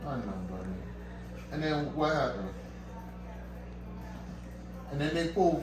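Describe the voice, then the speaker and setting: Animated man, roomy and noisy recording. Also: fairly high pitch, a little slow, pauses often, over music. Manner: expressive storyteller, squeals when quoting others. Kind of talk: casual chat. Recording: roomy with background noise.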